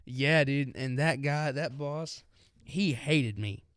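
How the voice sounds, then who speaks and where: A man's voice: medium pitch, slow, a bit bright, no room sound, studio quality. A young man co-hosting a podcast, telling stories in a laid-back, drawling way and saying "dude" often. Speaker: podcast co-host. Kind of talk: casual storytelling chat.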